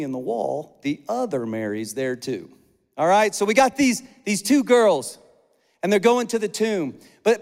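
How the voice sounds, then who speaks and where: A man pastor delivering an energetic, conversational sermon, piling up repeated phrases for emphasis. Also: sits high. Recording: long hall reverb.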